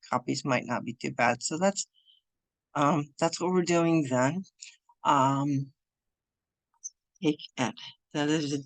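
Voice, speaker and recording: A woman teaching an online beginners' language lesson over Zoom while sharing her screen, speaking in a loose, halting way with frequent restarts. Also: sits low, no echo. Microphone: computer mic over Zoom.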